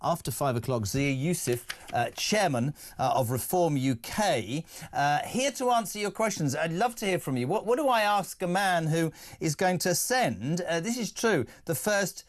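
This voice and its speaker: High-voiced brash radio host. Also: male voice, animated. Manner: brash, quick asides. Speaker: radio talk show host. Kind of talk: live talk radio presenting. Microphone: studio microphone.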